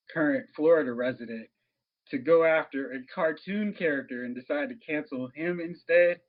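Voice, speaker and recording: A man co-hosting a casual podcast, teasing the others and laughing easily. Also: medium pitch. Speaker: podcast co-host. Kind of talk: casual chat. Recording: dull lo-fi sound.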